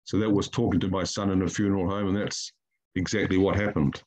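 A male poet from New Zealand, reading his own poetry slowly and deliberately and then chatting about it. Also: sits low, little pitch movement, darkish tone, slight background noise, rough recording.

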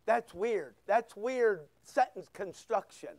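A male pastor preaching a sermon, firing rhetorical questions and sharp asides at his congregation. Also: high voice, lively intonation, takes it slowly, no echo. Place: church.

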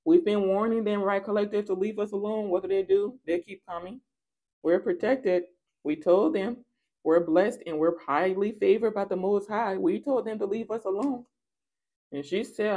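A tarot reader with a medium-pitched, dark-toned voice speaks at normal speed, giving her viewers a casual reading. She is playful, sassy and theatrical, breaking into singsong rhymes and acting bits out.

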